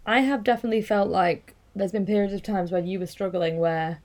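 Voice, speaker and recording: A woman's voice: medium pitch, fairly even intonation, fairly quick, darkish tone. A woman speaking earnestly as a podcast guest in casual chat.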